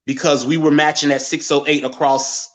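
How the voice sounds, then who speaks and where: A man in his forties tells a personal story on a talk show. His voice sits a bit high, and he slips into other people's voices as he quotes them, pushing up and down with the drama. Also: moderate pace. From Gary, Indiana, USA. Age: 40s. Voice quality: animated storyteller who acts out others' words. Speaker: guest.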